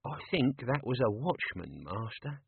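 A man voicing Albert, an old manservant who talks in a dry, low grumble, in a tinny recording. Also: big pitch swings, unhurried, vocal fry, breathy edge, no room sound, full character voice. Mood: wry, wary. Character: Albert, old male servant, dry and wary. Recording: tinny phone-like audio.

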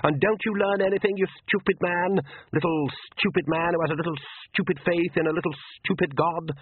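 A man's voice: high voice, fairly even intonation, fairly quick, husky, narrow, tinny audio, voice pushed up. A man voicing a scornful, menacing male vampire count with a raised, commanding voice. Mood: sneering. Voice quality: sneering, commanding.

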